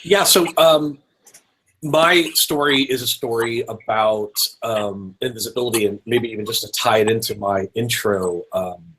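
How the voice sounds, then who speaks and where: Low husky-voiced man, earnest. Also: fairly bright tone, poor audio. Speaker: panelist. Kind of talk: personal story in a webinar panel.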